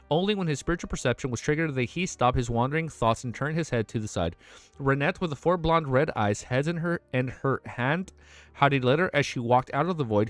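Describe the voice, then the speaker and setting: A young man streaming, reading a novel aloud and reacting with emotional, swearing asides. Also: mid-range voice.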